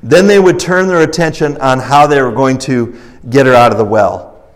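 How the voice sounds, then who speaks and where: A man's voice: mid-range voice, moderate pace. A man preaching a recovery sermon in a conversational, folksy storytelling style, rising in emphasis and acting out the characters in his stories. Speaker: pastor leading a recovery ministry.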